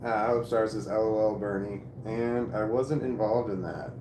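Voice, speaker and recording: A low-ish male voice at a moderate pace carries a casual livestream as he reads chat out loud and tells stories. He is animated, laughs frequently, and swears, and the audio is roomy with a faint background hum of noise.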